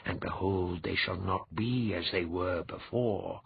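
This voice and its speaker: A man reading an audiobook, voicing an ancient, menacing male god who speaks slowly and solemnly. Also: sits low, creaky, breathy edge, exaggerated voice. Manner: slow, solemn, threatening. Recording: dull lo-fi.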